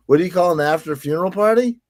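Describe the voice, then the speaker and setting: A man's voice: high voice, animated, quick pace, darkish tone, no room sound. A man co-hosting a casual comedy podcast, jokey and playful. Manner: jokey, playful, prone to bursts of silly voices. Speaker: podcast co-host.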